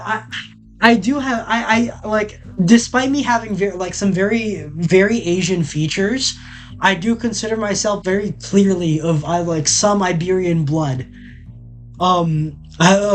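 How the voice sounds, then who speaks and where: A man's voice: high voice, fairly bright tone. A man streaming a casual chat, rambling and joking with many restarts and frequent laughs, from the southern United States.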